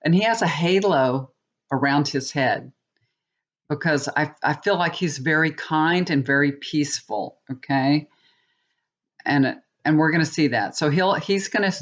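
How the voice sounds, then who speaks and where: A woman's voice: sits low, lo-fi sound. A woman giving a tarot reading in a casual, rambling monologue, often checking in with viewers. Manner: chatty, rambling with many restarts, asks viewers "okay?". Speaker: tarot reader.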